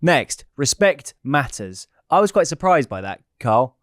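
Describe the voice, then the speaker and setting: A man's voice: medium pitch, sing-song, measured pace, fairly bright tone, no echo, studio quality. A young man, co-hosting a comedy podcast in rambling, joking chat. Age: young adult. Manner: joking, rambling, swears freely. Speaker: podcast co-host.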